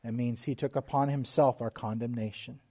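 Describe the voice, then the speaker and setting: A middle-aged man preaching a sermon, slow and emphatic, dropping suddenly to quiet, hushed lines. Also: mid-range voice, fairly even intonation. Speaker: pastor.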